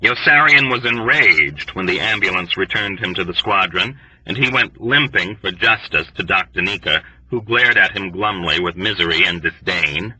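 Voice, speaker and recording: A man narrating an audiobook in an expressive, lively storytelling manner. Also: sits low, normal speed, few pauses, husky, no room sound, far from the mic. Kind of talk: scripted narration. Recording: dry, dull lo-fi recording.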